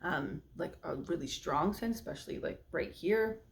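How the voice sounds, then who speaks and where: A woman who is an adult parent makes casual, nervous small talk while cooking on her vlog, peppering it with ums and likes. She speaks at a moderate pace in a lowish voice with lively intonation, over a slight hiss or hum.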